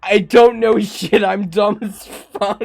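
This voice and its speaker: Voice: mid-range voice, steady tone, slow, vocal fry, a little mellow. A streamer chatting casually on a live stream, joking and laughing often between lines. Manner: joking, laughs often, mock-tearful bits.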